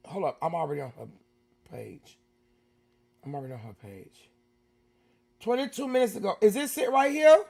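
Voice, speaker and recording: A woman hosting a live reaction stream, talking casually and breaking into loud, excited exclamations. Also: on the low side, brisk, gravelly, pauses often.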